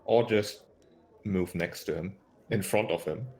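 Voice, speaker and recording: A man with a fairly low voice plays a tabletop game. He talks casually and plans his character's moves out loud. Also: a little slow. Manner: relaxed, planning moves aloud. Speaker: player.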